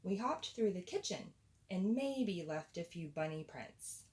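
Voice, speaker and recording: A woman reading a children's picture book aloud in a playful, expressive storytelling voice. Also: fairly low pitch, measured pace.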